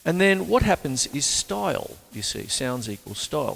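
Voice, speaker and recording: A man's voice: a little high, sing-song, moderate pace, creaky, hardly any pauses, big-room sound, loud music behind the voice. An Australian man giving a casual drum lesson, chatty and rambling, cracking jokes and saying "you see" a lot. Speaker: drum teacher. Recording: drum kit playing behind the voice.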